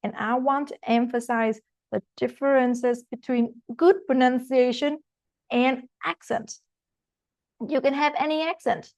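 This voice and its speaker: Woman exam tutor, non-native accent, higher voice, dry close mic, chatty explaining style. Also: steady tone, a little slow, darkish tone, no room sound. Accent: non-native English. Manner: explanatory, frequent "okay?" check-ins and fillers. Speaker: IELTS teacher. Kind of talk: online masterclass lecture. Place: recorded online class.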